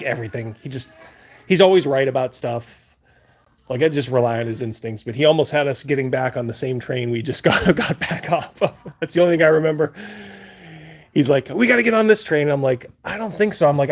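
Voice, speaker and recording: A man hosting a live stream, casually telling stories to chat, rambling and laughing as he goes. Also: mid-range voice. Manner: rambling, laughing, acts out his own panic loudly. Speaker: livestream host.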